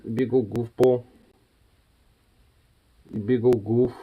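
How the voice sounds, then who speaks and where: A young man chatting affectionately with his dog in teasing baby talk, often yelping up high and laughing. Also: flat delivery, slow pace, dark tone, slightly rough. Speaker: vlogger. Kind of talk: casual talk to a pet dog.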